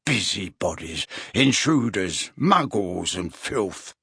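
A man doing a gravelly, hostile old man. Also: low voice, big pitch swings, slow, sharp tone, dry recording, clean studio sound, voice pushed down, full character voice. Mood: aggressive. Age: older. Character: aggressive elderly male cottage-dweller, hostile, sneering. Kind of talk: audiobook character voice.

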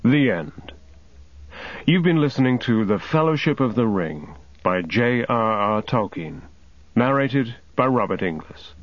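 A man's voice: medium pitch, sing-song, unhurried, no echo. Businesslike male announcer. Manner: plain, businesslike reading. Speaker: publisher announcer. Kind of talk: scripted announcement. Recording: dull studio sound.

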